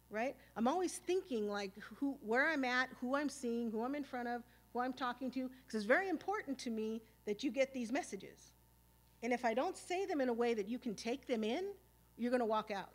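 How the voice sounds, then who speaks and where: A woman, telling stories on stage at a live event. Her voice sits a little high. She talks in a casual, streetwise way, swearing freely and filling her talk with "you know" and "like". She slips into the voices of the people in her old arguments. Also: normal speed. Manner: animated, acting out past arguments. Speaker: speaker. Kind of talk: storytelling talk at a symposium.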